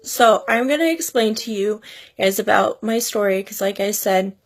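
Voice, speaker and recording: A woman's voice: mid-range voice, normal speed. A woman vlogger in her thirties talking earnestly and tearfully about her children and family, pleading with parents. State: crying at times. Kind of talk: emotional personal vlog.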